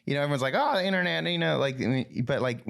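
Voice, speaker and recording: A man's voice: on the high side, expressive, very fast, vocal fry, fairly bright tone. A man hosting a casual chat, easygoing and chatty, full of fillers as he asks questions. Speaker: host.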